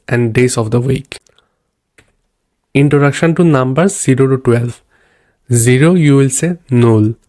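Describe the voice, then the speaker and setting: A man's voice: medium pitch, a little mellow, dry recording, studio quality. A man teaching beginner German from slides, patiently repeating each word and checking in with "yeah?" and "okay?". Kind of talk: slide-based language lesson.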